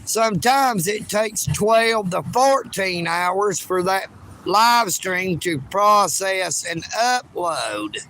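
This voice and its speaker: A man's voice: high-pitched, lively intonation, takes it slowly, pushed and bright, slight background noise, poor audio. A man hosting a casual outdoor livestream from beside railroad tracks, chatting in a folksy way and greeting viewers by name on a phone. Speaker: livestream host. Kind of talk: casual outdoor live-stream chat.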